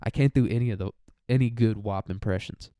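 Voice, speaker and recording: A man's voice: fairly low pitch, fairly quick, dark tone, dry recording, studio quality. A young man in a casual solo podcast monologue who rambles and swears and laughs often, sounding mentally tired. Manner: rambling, crude, laughs a lot. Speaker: student podcaster.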